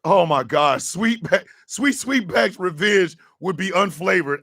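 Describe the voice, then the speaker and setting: A man hosting a morning radio show, riffing in a loud, slangy comedic way with frequent laughter and shouted outbursts. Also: high voice, expressive, measured pace, vocal fry, dry recording, studio quality. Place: radio studio.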